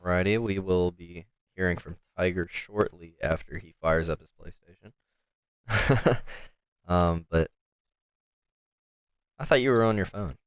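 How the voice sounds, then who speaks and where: A man with a deep, smooth voice talks through an online sim race as play-by-play host. His delivery is casual and full of fillers, recorded dry and close with no room sound. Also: measured pace, long pauses, no room sound, highs cut off. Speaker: race commentator. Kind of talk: sim racing commentary.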